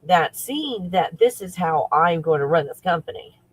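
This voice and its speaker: A man who works as a spiritual coach talks casually on a livestream, excitable and rambling, often breaking into laughter. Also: on the high side, moderate pace, slightly rough, low-quality recording.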